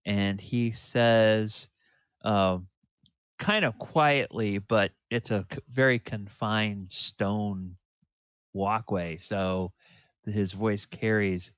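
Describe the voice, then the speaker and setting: A man narrating as game master of a tabletop game, unhurried, with fillers and pointing at the map. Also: on the low side, a bit bright, clean tone, dry recording, highs cut off.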